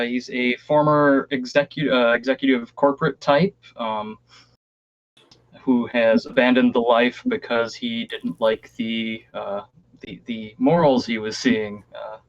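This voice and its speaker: A man describing his character as a player in a tabletop game, unhurried and hesitant, recorded on a dull lo-fi mic. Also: mid-range voice. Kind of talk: casual chat.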